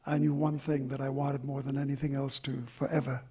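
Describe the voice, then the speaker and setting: An older man, a memoir author, telling stories from his life slowly and reflectively at a live talk on stage. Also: medium pitch, level tone, dark tone, husky. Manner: slow and reflective, with drawn-out pauses. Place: stage event before an audience.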